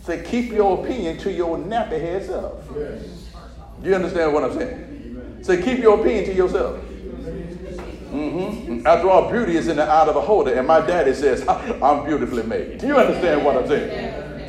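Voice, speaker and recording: A man preaching a sermon who keeps prompting his listeners to repeat after him and checks that they follow. His delivery swings from low murmurs to loud, shouted preaching. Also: big pitch swings, moderate pace, crowd noise. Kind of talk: sermon with call-and-response. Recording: echoey hall.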